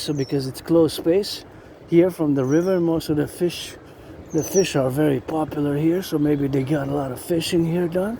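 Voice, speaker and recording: A man's voice: fairly high pitch, gravelly, warm tone, slight background noise. A man who chants sing-song marching cadences outdoors by a river and then rambles loosely between chants. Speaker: vlogger.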